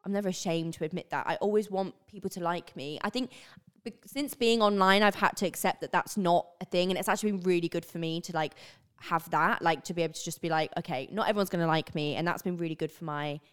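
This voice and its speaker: A young woman from northern England, her accent softened by years in the south, chatting openly and animatedly as a guest on a podcast. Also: lowish voice, quick pace, few pauses, clear, resonant tone. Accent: northern English, softened by years in the south. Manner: animated, drops into silly put-on voices. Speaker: online creator, guest. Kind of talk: casual podcast chat.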